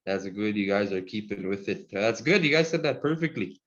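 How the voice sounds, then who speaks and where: A man's voice: lowish voice, animated. Friendly man teaching over video call. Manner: friendly and encouraging, chuckles often, slows down to model words. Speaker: Cree language teacher. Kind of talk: online language class over video call. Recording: dull lo-fi video call audio.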